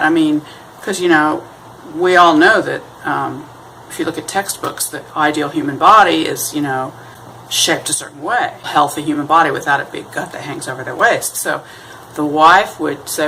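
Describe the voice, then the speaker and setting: Low-voiced woman rambling through an explanation. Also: animated, brisk, fairly bright tone, slight background noise, low-quality recording. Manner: rambling, self-deprecating, acts out quoted voices in a high sing-song. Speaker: vlogger. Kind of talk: casual explanatory monologue.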